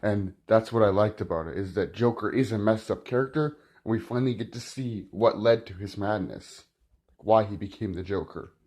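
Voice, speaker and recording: A man's voice: fairly low pitch, normal speed, a little mellow. A man giving a casual spoken film review, rambling and often restarting with "like".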